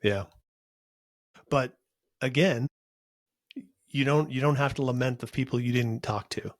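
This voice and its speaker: An earnest man hosts a podcast conversation, stressing his points and stumbling over repeated words when excited. His voice sits in a middle pitch, recorded close and dry. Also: measured pace, no room sound. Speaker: podcast host. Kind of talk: casual interview chat.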